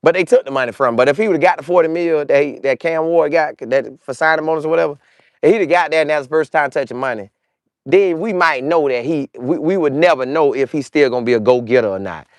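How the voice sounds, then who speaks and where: A man hosting a casual sports commentary show, talking fast and slangy, reading live chat and acting out players' trash talk. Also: on the high side, dry recording. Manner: animated, slangy, mimics players in quoted voices. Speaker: show host.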